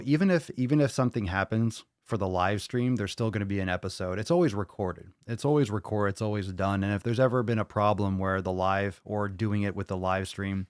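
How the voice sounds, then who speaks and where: This American podcast host has a lowish, smooth voice, recorded in clean studio quality with no echo. Hyped and freely profane, he chats casually with viewers on his live-streamed fitness show, repeating his phrases.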